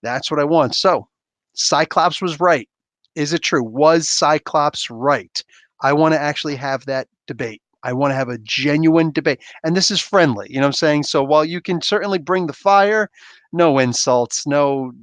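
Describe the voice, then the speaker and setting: A man's voice: medium pitch, fairly bright tone, no room sound. A man hosting a comic book podcast, chatting casually and animatedly with rambling asides and laughs. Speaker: podcast host. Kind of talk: casual chat answering viewer questions.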